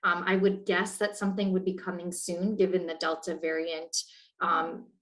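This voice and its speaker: A woman in her forties from Maine, an executive director, giving measured interview answers with some fillers from a hotel room. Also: lowish voice, flat delivery, rough recording. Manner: clear, measured explaining with fillers.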